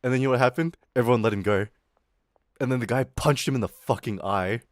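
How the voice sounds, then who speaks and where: A man's voice: mid-range voice, quick pace, dry recording, clean studio sound. A young man streaming, telling a school story in a rambling, profane way and acting out the people he quotes. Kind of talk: casual storytelling rant.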